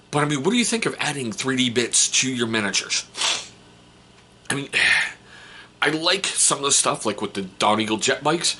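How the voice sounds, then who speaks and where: A man hosting a casual hobby vlog, rambling and excitable, and swearing casually. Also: mid-range voice, breathy edge. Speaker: hobby channel host.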